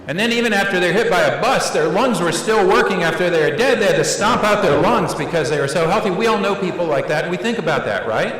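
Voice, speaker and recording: Middle-aged male keynote speaker, playful and animated, acts out quotes; higher voice, long hall reverb. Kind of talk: keynote lecture. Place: large auditorium.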